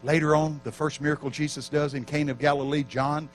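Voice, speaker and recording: A man's voice: fairly high pitch, fast talker, soft background music, low-quality recording. A man preaching a sermon at a church camp meeting, telling stories with acted-out quotes. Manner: animated storytelling with acted quotes.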